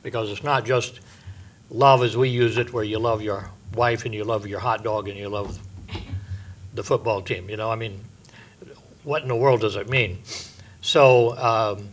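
A man's voice: on the low side, steady tone, measured pace, pauses often. Older male pastor teaching in a folksy way. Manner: conversational and folksy, homey asides and frequent "um" and "you know". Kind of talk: sermon, verse-by-verse Bible teaching.

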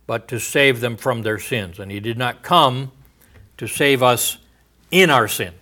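A man preaching a verse-by-verse sermon, thinking aloud with frequent fillers and restarts, often trailing off into a low murmur at phrase ends. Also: pushed and bright. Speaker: pastor. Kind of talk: expository sermon.

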